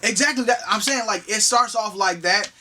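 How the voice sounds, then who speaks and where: High bright-voiced man rambling casually. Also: moderate pace, distant mic, slight background noise. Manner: rambling, slangy, fond of big words. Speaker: co-host of movie review show. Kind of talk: casual movie review chat.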